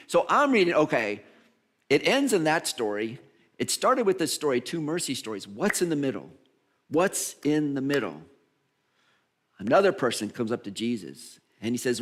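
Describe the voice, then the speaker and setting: Animated man preaching a sermon. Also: medium pitch, moderate pace. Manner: animated storyteller, acting out voices of Bible figures. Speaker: minister.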